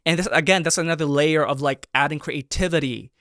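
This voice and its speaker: A lively man in his thirties talks through a dance performance in a casual, animated way and keeps breaking into excited exclamations. His voice sits a little on the high side. The sound is close and dry, with no room around it. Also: fairly quick, dry recording. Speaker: reaction video host, performer. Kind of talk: casual reaction commentary.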